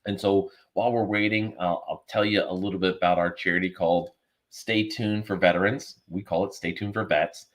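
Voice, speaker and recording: Speaking in a low, steady voice at a brisk clip, this male podcast guest joins by video call. His remote interview is storytelling: an earnest, emotional tale with the dialogue acted out.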